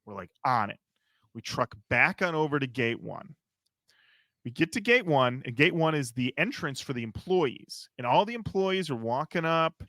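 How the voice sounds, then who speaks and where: A man co-hosting a podcast, telling a story in a lively, animated way. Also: on the high side, moderate pace, dry recording, clean studio sound. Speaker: podcast co-host. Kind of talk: casual chat.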